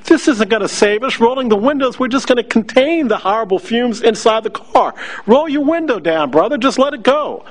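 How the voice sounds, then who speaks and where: A man putting on an excitable, insistent colleague. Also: extremely high pitch, a little fast, hardly any pauses, pitched above the performer's own voice. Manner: exclamatory, insistent. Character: excitable older male colleague, dramatic, humorous.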